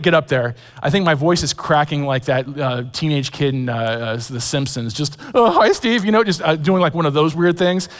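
Chatty pastor in a reverberant hall. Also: male voice, on the high side. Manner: chatty, self-deprecating humor with many fillers and restarts. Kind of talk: sermon with personal storytelling.

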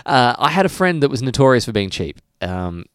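A man's voice: mid-range voice, very animated, brisk, clear, resonant tone, no echo, clean studio sound. An Australian man co-hosting a podcast, rambling and self-mocking in casual chat, laughing often. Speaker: podcast co-host.

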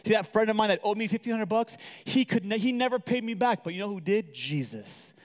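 A man preaching a sermon to a live audience, animated and acting out quoted voices. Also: fairly quick, big-room sound. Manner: animated, acts out quotes with big pitch jumps. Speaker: pastor. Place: large hall with audience.

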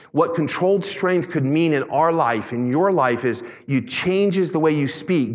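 A man preaching a sermon as pastor, emphatic, slowing on key words and asking the congregation questions. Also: a little high. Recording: long reverb in a large hall.

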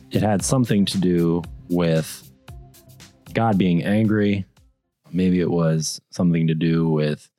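A man co-hosting a casual faith podcast, his voice scratchy and hoarse from a cold, talking unhurriedly with many fillers. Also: sits low, mellow, no room sound, studio quality. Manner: unhurried, thinking aloud with fillers. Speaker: podcast co-host.

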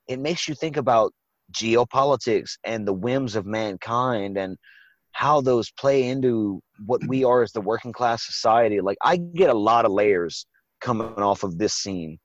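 A podcast host reviews a movie in casual, profane, rambling chat, acting out quotes as he goes. His voice is lowish and animated at a moderate pace, recorded in lo-fi sound with no echo.

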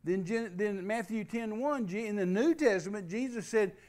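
Guy preaching a sermon, high voice, really emphatic, spells words out letter by letter. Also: moderate pace, darkish tone.

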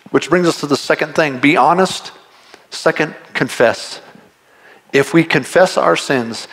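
Earnest, fairly high-voiced male preacher. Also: fairly bright tone. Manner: direct, earnest preaching with repeated urgent phrases. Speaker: pastor. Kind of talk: sermon.

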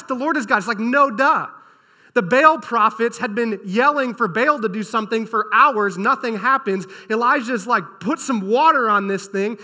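Bright, high-voiced male pastor. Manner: energetic storytelling, casual and animated. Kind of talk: sermon. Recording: long hall reverb.

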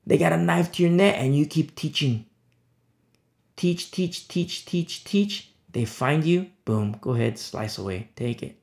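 A man preaching an expository sermon, passionate, repeating words for emphasis and swinging between loud declarations and hushed asides. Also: mid-range voice, lively intonation, normal speed, creaky, hardly any pauses. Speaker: pastor.

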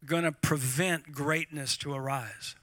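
A middle-aged man preaching to a live congregation, animated and repeating words as he talks. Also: a little high, unhurried, no echo. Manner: animated, repeats words, laughs at own points. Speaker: pastor.

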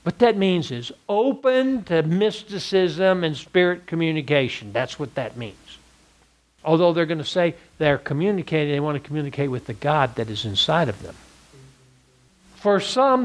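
Higher-pitched man teaching a Bible class. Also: expressive, moderate pace. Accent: Texan. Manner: asks rhetorical questions and answers them.

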